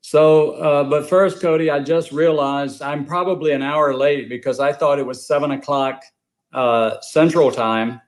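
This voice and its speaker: A man's voice: on the high side, fairly even intonation, a little slow. An older man with a Louisiana accent, a guest on a live video call, explaining a deal in an easygoing, plain-spoken way. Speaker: guest investor.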